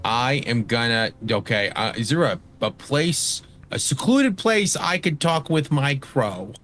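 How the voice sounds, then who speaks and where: A man's voice: medium pitch, animated, unhurried, fairly bright tone, slight background noise. A man playing in a tabletop game, talking hesitantly and laughing. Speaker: player.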